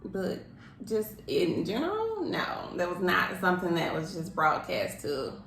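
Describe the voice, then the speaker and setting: A woman's voice: lowish voice, a little slow, gravelly, a little hiss or hum. A woman, talking candidly and expressively in casual chat. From Alabama, US. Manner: candid, expressive, dialect-heavy talk. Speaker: co-host. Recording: roomy echo.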